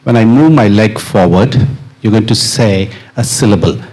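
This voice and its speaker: A middle-aged percussionist on stage with a mic, playfully coaching an audience to chant rhythm syllables. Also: male voice, lowish voice, normal speed, darkish tone. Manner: playful, encouraging, laughs often. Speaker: percussionist leading an audience exercise. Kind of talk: live stage talk with audience participation. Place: stage of a live dance performance.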